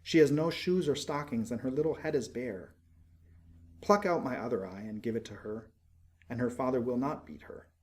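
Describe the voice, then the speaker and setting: A man's voice: mid-range voice, normal speed, darkish tone, natural voice. Sorrowful generous prince statue, solemn storybook voice; male reader.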